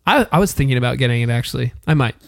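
A man's voice: mid-range voice, expressive, rapid-fire, vocal fry, no echo, studio quality. A man hosting a podcast, chatting playfully and laughing often while narrating a storytelling card game. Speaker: podcast host. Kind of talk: casual game-playing chat.

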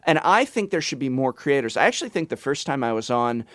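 A man's voice: mid-range voice, big pitch swings, fast, fairly bright tone, no echo. A man co-hosting a podcast, talking in a passionate, emphatic way and giving advice. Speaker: podcast co-host. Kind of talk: casual podcast chat.

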